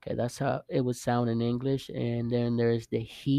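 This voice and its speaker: A man's voice: mid-range voice, level tone, normal speed, vocal fry, warm tone, no echo. A man teaching a casual video language lesson, patiently repeating sounds and checking in with the viewer. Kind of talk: casual vlog-style lesson.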